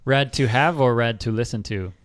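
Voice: mid-range voice, normal speed, dry recording, clean studio sound. A podcast host in casual chat, steering the talk with questions.

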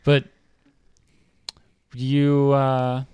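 Slow, smooth-voiced man hosting a chat. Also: medium pitch, completely flat delivery, warm tone. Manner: easygoing, hesitant with many fillers. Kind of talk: casual podcast chat.

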